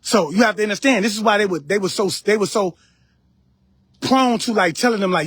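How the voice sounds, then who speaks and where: Husky yet a bit bright, this high male voice moves briskly through a casual spiritual lecture on a live stream. He speaks directly to viewers in a preachy manner, repeating his points and phrases.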